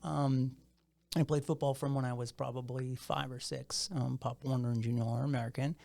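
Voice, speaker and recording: A man's voice: mid-range voice, little pitch movement, moderate pace, creaky, darkish tone. A man in his fifties hosting a podcast, chatting casually and playfully, joking and laughing often. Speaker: podcast host. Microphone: studio microphone.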